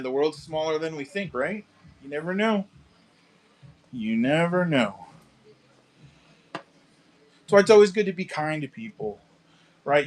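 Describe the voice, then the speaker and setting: A man hosting a casual live stream from a car shop garage, selling model kits and chatting with viewers, relaxed and chatty, swearing now and then. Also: mid-range voice, a little hiss or hum. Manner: laid-back, chatty, swears casually, calls viewers dude and bro.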